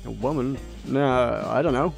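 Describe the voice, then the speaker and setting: A man doing a gruff grumbling mechanic. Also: measured pace, faint music behind. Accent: attempted Australian. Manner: curt, grumbling, low put-on voice. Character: gruff young male mechanic, grumpy and blunt. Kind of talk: voicing game dialogue in a let's play.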